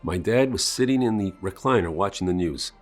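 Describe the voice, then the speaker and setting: A man's voice: animated, a little fast. A man narrating a scripted first-person sales story in a dramatic storytelling manner. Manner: dramatic storytelling with strong swings in pitch and volume. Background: faint music.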